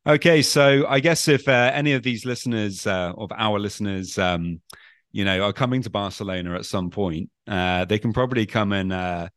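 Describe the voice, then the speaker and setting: Podcast host guy, really low voice, dry close sound, earnest. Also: moderate pace, fairly bright tone, clear, resonant tone, no room sound. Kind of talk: casual interview.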